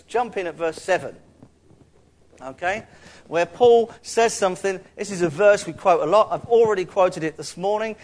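A man with a London accent giving a sermon in a chatty, conversational way, with asides to the congregation. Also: high-pitched. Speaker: preacher.

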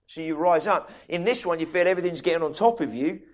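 A man preaching a sermon in a conversational way, restarting sentences and asking listeners questions. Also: a little high. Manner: conversational, with many quick restarts and asides to listeners.

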